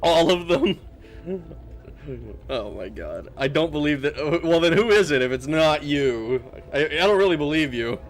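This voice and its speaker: A man streams a video game over game music, chatting casually, joking with viewers, and laughing often. His voice is on the high side and animated, yet unhurried.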